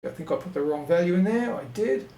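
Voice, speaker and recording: A man talking through a web design tutorial in a casual, thinking-aloud way, full of ums and quick self-corrections. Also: on the high side, lively intonation, dark tone, roomy sound, rough recording. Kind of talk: casual screen-recorded tutorial.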